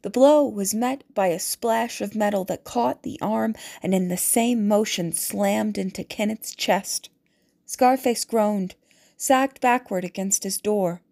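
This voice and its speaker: A woman reading a novel aloud as audiobook narrator, in a measured, deliberate way. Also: mid-range voice, gravelly, a little mellow.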